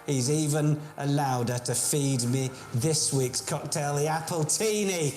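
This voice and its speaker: A man's voice: fairly high pitch, big pitch swings, normal speed, a little mellow. A man hosting a live-streamed pub quiz, playful and cheeky, bantering with his audience. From Buckinghamshire, England. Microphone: phone. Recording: roomy room sound with faint music.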